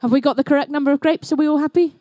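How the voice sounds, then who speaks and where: Commentating live at an indoor robotics event, a New Zealand-accented woman serves as emcee, bantering playfully with teams and crowd. She talks very fast in a high, warm, steady voice, with no room sound.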